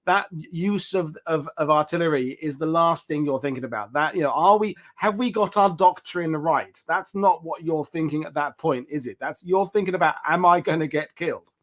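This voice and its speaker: A man's voice: a little high, moderate pace, hardly any pauses, fairly bright tone. A man hosting a history show, chatting casually and reflectively and thinking aloud as he talks. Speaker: show host. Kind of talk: casual discussion.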